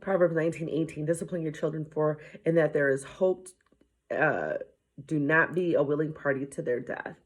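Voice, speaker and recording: A woman with a husky, slightly breathy voice tells a story about her children in a casual faith talk. She acts out what she said to them and slips into hushed whispers now and then. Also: sits low, normal speed. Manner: animated retelling, dropping to a whisper at times. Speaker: mother sharing a faith message.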